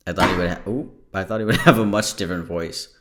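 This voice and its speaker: Deep-voiced tired man, joking. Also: steady tone, quick pace, heavy background noise. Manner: joking, rambling, swears freely. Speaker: podcast host. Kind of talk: casual podcast chat.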